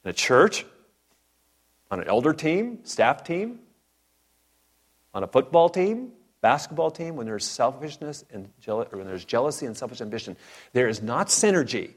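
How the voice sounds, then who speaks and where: A man preaching a sermon, fired up and animated, with joking asides to his congregation. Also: mid-range voice, normal speed.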